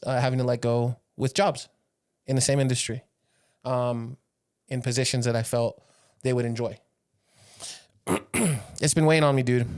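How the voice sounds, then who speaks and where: A young man co-hosting a podcast, telling stories in a casual, animated way, teasing his friend and laughing a lot. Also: medium pitch. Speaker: podcast co-host and business owner. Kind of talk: casual chat.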